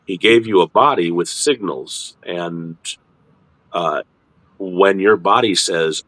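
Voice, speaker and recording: A middle-aged man hosting a casual ministry chat, explaining in a lively, halting way with frequent restarts. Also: no echo. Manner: animated, repeats and restarts words, jumps into high mock voices. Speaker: ministry host.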